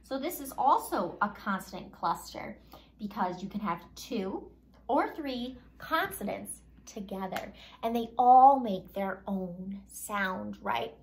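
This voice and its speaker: A woman teaching a phonics lesson to young children, sounding out letters slowly and with exaggeration, and prompting and praising the class in an upbeat way. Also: medium pitch, animated, vocal fry, slight background noise.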